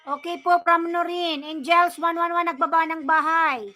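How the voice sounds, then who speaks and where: A woman from the Philippines with a Filipino accent, hosting a casual livestream, mixing English and Tagalog as she reads viewer comments and gives shout-outs. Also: very high voice, steady tone, normal speed, soft background music. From Bicol, Philippines. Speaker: livestream host.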